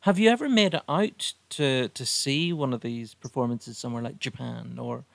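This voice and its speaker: Male podcast host, gravelly tone, encouraging questions, dry sound. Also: medium pitch, normal speed, dry recording. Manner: warm encouraging interjections, laughs along. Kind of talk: casual podcast interview.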